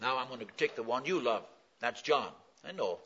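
A man preaching with a bright, forceful edge, swinging between quiet asides and loud, emphatic peaks. He keeps asking the listeners questions and answering them himself. The old recording sounds dull and lo-fi. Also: mid-range voice, expressive, fairly quick. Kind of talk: sermon.

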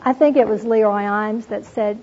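A woman with a warm, medium-pitched voice teaches from the Bible at a moderate pace, her intonation fairly even. She tells it like a story, earnestly reading passages aloud and addressing her listeners as "you all" in this devotional talk. The recording is dull and lo-fi.

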